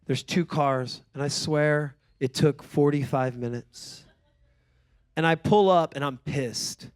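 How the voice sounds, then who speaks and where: A high-voiced man works a stand-up set. His delivery is sardonic and profane, and it climbs into loud, animated rants. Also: slow, clean tone. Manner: animated, escalating into high-pitched shouting in character bits. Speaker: stand-up comedian. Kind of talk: stand-up comedy storytelling.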